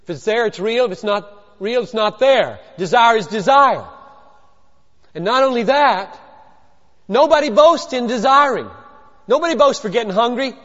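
High-voiced man preaching in an echoing hall. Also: lively intonation, moderate pace. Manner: emphatic, swings from hushed to loud; rhetorical questions and repetition. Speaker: pastor. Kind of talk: sermon. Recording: dull lo-fi recording in a long-reverb hall.

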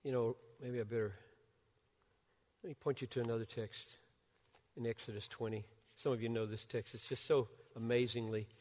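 An older man preaching a sermon as a pastor. He swings from loud, urgent bursts down to hushed near-whispers. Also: mid-range voice. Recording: long hall reverb.

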